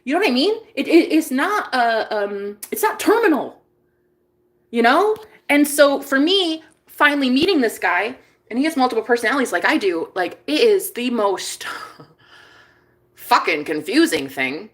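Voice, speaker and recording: A woman talking casually to camera in a confessional vlog, chatty and profane, swinging between hushed and excited. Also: on the high side, normal speed. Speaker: vlogger and manifestation coach.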